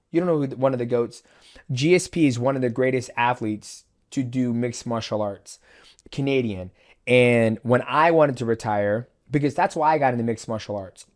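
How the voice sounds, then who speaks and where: A man who used to be a fighter hosts a podcast, chatting casually with his guest at a middle pitch. His loose talk rambles, restarts often and is packed with fillers.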